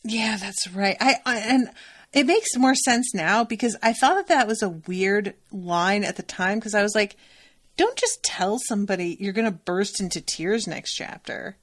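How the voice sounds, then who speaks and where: A woman co-hosting a relaxed podcast recap, her voice mid-pitched and ordinary. She tells the story with lively acted-out quotes. She laughs easily between the lines. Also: normal speed. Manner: animated retelling with acted-out quotes, laughs often. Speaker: podcast co-host. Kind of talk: casual chat recapping a TV episode.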